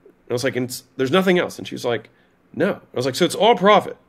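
A man telling a story as a podcast guest, in a casual, animated way, often saying "like" and "right?" and swearing now and then. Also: mid-range voice, fast, creaky, slightly rough. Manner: animated retelling, frequent "like" and "right?", occasional swearing.

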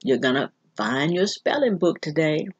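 A woman voicing a calm inner voice that speaks like an older woman and gently reassures. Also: deep voice, normal speed, slightly rough, lo-fi sound.

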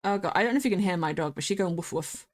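A woman streamer giving casual gameplay commentary, chatty and quick to get excited, squealing at the animals she meets. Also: on the low side, noisy background.

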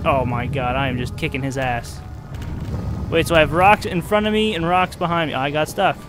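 High-voiced guy playing a game, really animated, unhurried, game music in the background. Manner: excitable, swings from muttering to yelling. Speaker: gaming video host. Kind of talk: playthrough commentary.

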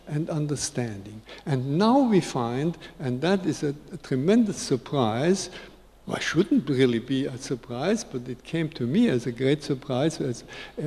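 A man in his eighties gives an unhurried, reflective spiritual talk to an audience, repeating key phrases for emphasis. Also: on the high side, warm tone. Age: 80s. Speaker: spiritual speaker. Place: large conference hall. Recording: long reverb of a big hall.

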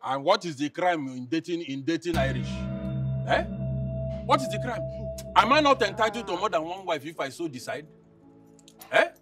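An actor with a Nigerian accent playing a boastful, philandering husband known as Chief, mocking and blustering. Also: male voice, fairly high pitch, sing-song, moderate pace, long pauses. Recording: distant mic with faint film music.

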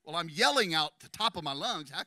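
A man preaching a sermon in a church, impassioned and building to shouts, racing through some phrases and slowing on others for emphasis. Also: fairly high pitch, lively intonation, no room sound. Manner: impassioned, rising to shouts at climaxes; rapid bursts of speech between slower emphatic phrases. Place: church sanctuary.

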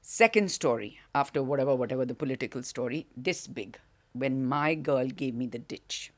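A woman's voice: a bass voice, moderate pace. An older woman with an Indian English accent, telling a theatre story as an interview guest, acting out the voices and laughing often. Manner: animated, acts out the voices in her anecdotes, laughs often.

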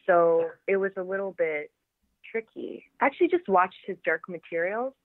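A woman, an actress being interviewed, chatting in a lively way and laughing often. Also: on the low side, moderate pace. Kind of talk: casual interview chat. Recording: tinny phone-like line, dry.

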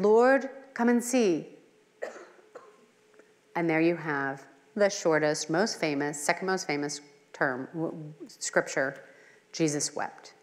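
Earnest middle-aged woman leading Bible study. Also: on the low side. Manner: earnest, with personal asides and rhetorical questions. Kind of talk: conversational Bible teaching. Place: church hall. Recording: long hall reverb.

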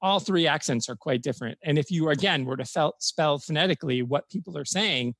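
A man from Florida, a podcast guest, talking at length in animated casual chat. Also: on the high side, fairly quick, creaky, no echo. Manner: talkative, animated storytelling.

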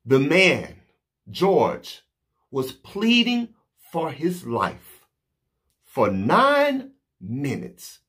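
A man delivering an impassioned, indignant monologue to camera, slow and emphatic with pauses. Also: mid-range voice, wildly swooping pitch, a bit bright, slightly rough. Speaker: vlogger.

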